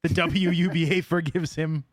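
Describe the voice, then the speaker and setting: A man's voice: fairly high pitch, steady tone, moderate pace, no echo. A man hosting a casual podcast, telling stories with a wry, dry manner. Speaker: podcast host.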